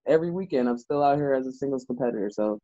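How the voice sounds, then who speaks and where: A man's voice: medium pitch, rapid-fire, dry recording, dull audio. A man, a wrestler guest, telling stories in a casual interview with lots of filler words. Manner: animated storyteller, lots of "like" fillers.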